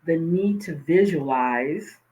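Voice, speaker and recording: A woman life coach hosts her own talk show, chatting loosely and thinking aloud as she goes. Her voice sits fairly low, and she takes her time, easing into a calm, soothing rhythm when she reads reflective passages. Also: rough recording. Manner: slow, soothing cadence in the repeated lines. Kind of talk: casual talk with a reflective reading.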